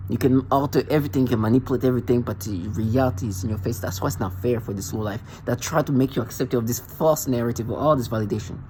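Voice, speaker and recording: A man's voice: mid-range voice, fast, hardly any pauses, dark tone. A man with a mid-range voice rants in an angry, accusatory monologue, hammering the same points over and over. His tone stays confrontational throughout. A faint background hum sits under his voice. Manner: ranting, confrontational, repetitive. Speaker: vlogger.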